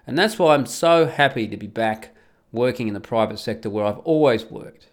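A man hosts a solo podcast, ranting with open anger and plenty of swearing. His voice sits at a middling pitch and swings between loud outbursts and low, scornful asides. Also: lively intonation, moderate pace. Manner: angry, profane, ranting, scornful. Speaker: podcast host.

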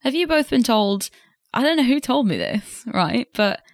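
A woman's voice: on the high side, very animated, normal speed, no room sound, studio quality. A woman hosting a podcast in casual chat, questioning and wondering aloud.

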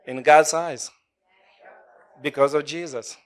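Male preacher, slightly high pitch, animated, laughs between lines. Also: takes it slowly. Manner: animated, laughing often, call-and-response with congregation. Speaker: pastor. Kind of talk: sermon.

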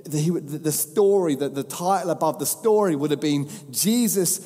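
A man's voice: on the high side, moderate pace, mellow. A man preaching a sermon with impassioned, repeated emphatic phrases. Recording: long hall reverb.

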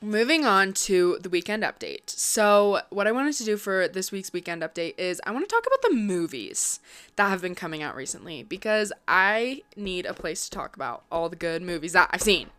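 Chatty young woman with a smooth voice. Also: mid-range voice, very animated, fairly bright tone. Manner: chatty, quick and upbeat, lots of "like" and "um". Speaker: vlogger. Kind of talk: casual chat.

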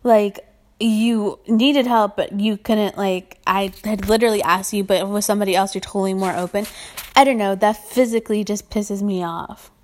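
Her voice is mid-range and a little mellow, with fairly even intonation at a normal speed. She's a young retail worker ranting casually on a vlog, swearing often and leaning on fillers in exasperation, and she says her voice is annoying.

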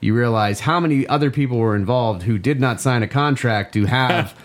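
A man chatting as a podcast guest, telling animated, joking stories and laughing easily. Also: mid-range voice. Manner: animated storyteller, quick to joke and laugh. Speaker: podcast guest, game writer. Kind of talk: casual interview chat.

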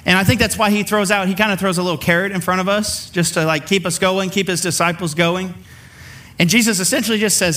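A man's voice: high-pitched, steady tone, quick pace, bright, forceful tone. A man preaching a sermon in a conversational way, acting out the people in the story as he goes. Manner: conversational, acts out the figures he quotes. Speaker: pastor.

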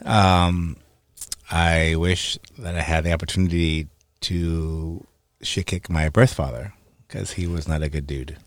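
A young man in casual podcast chat, candid and halting, with lots of "like". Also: sits low, steady tone, dry recording. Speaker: co-host.

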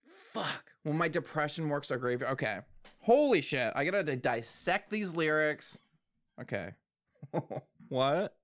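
A man casually reacting to new songs, excitable, swearing often and breaking into laughter. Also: fairly high pitch, measured pace. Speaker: music reaction host. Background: faint music.

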